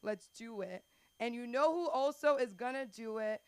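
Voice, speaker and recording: A woman's voice: fairly high pitch, moderate pace, clear, resonant tone, no echo. A woman hosting an open mic comedy night, gushing with enthusiasm between acts. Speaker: host. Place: comedy club stage.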